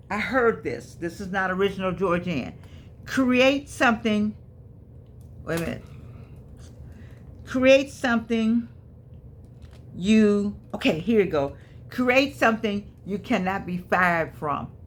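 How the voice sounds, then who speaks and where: Woman, middle-aged, casual to-camera talk, repeats herself, slow emphatic punches. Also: fairly low pitch, a little hiss or hum. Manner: preachy, repeats herself, wanders off mid-thought; sudden emphatic stretched-out words. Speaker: online motivational speaker.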